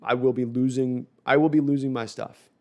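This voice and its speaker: Gravelly-voiced man rambling about football. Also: medium pitch, steady tone, normal speed. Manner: rambling, self-deprecating, with frequent restarts. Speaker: host reading viewer comments. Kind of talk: casual live-stream sports talk.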